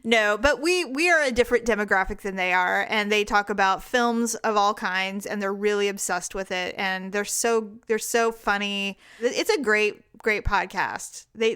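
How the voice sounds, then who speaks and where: A middle-aged woman co-hosting a podcast, chatting casually and reacting quickly. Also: medium pitch, a bit bright, clear, resonant tone. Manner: quick reactions, laughs easily. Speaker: podcast co-host. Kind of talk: casual chat.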